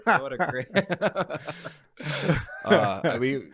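Former pro hockey player, male, low voice, lively and profane raconteur on a podcast. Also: brisk. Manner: animated, laughing and swearing as he tells stories. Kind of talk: casual storytelling chat.

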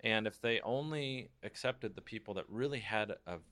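A man's voice: on the low side, moderate pace, a bit bright. A man hosting a casual interview, chatty and encouraging, often backing the guest up with short replies. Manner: chatty, encouraging, frequent backchannels. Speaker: interviewer, host. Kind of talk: casual conversation.

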